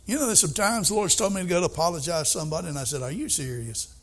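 An older man preaching a sermon, emphatic, swinging between soft asides and excited outbursts. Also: sits high, very fast.

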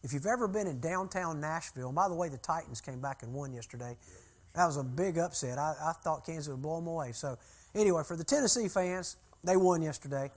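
A man's voice: on the high side, fast. An older man preaching to a group, telling a long story in a folksy, conversational way. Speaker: preacher and church consultant. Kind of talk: sermon-style teaching with storytelling.

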